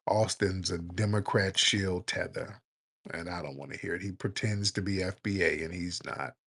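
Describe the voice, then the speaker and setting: A man hosting a call-in show, blunt and joking, scolding his callers in loud, casual talk. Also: low voice, fairly even intonation, moderate pace. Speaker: radio call-in host.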